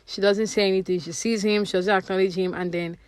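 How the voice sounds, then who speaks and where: A reality TV commentary vlogger, a woman with a mid-range voice, rattles fast through a casual recap of the latest drama with fairly even intonation. Her tone is clean and the recording is close and dry with no echo. She's chatty and opinionated, scattering fillers like "you know" throughout.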